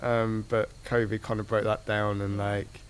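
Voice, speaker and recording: A man in a band answering interview questions in a relaxed, hesitant way, full of fillers. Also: lowish voice, a little slow, background noise. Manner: hesitant, relaxed, lots of likes. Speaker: band member. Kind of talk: casual interview chat.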